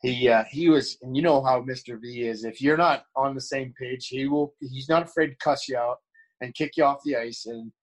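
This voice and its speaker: A middle-aged man talks with a mid-range pitch, sharing candid stories. He rambles, restarting sentences and leaning on fillers. Now and then he acts out the voices of people in his stories. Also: normal speed, low-quality recording. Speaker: guest, former pro hockey player. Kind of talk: casual storytelling.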